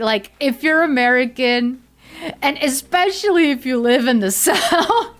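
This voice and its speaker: A woman's voice: high-pitched, expressive, unhurried, fairly bright tone, faint music behind. A woman streaming a game in casual chat, rambling and thinking aloud with many fillers and repeats, giggly and self-mocking. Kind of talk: casual gaming livestream chat.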